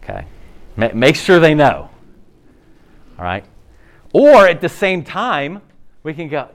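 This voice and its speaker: A man preaching a sermon in a conversational, animated way, often restarting his sentences. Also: fairly high pitch, moderate pace, long pauses. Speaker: pastor.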